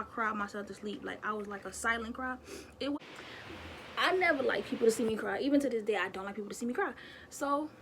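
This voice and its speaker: A young woman vlogger telling a childhood story in a chatty, animated way, talking straight to her viewers. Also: fairly high pitch, a little hiss or hum. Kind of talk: casual storytime.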